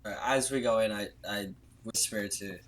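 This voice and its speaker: A man's voice: lowish voice, steady tone, moderate pace, fairly bright tone, rough recording. A man playing a tabletop game, casual and a little hesitant. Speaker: player.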